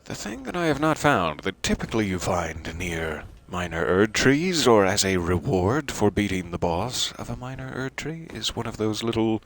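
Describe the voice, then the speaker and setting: A man with a fairly low voice and a very animated, swooping delivery. He comments on a game in a theatrical, playful way, addressing characters directly. His asides are self-deprecating and chatty. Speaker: let's play streamer. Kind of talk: casual gameplay commentary.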